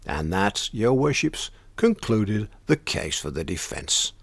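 A man narrating a comic first-person tale in dry, deadpan, mock-grand wording. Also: on the low side, takes it slowly, creaky, no room sound. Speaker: storyteller.

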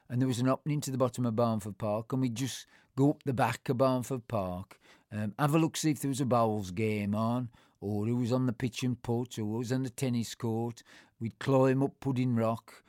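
A man's voice: mid-range voice, darkish tone, no echo, clean studio sound. An older man with a Black Country accent, casually reminiscing about his childhood in a rambling way with many fillers and restarts. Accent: Black Country English. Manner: rambling, full of fillers and self-corrections; acts out other people's voices in anecdotes. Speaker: storyteller.

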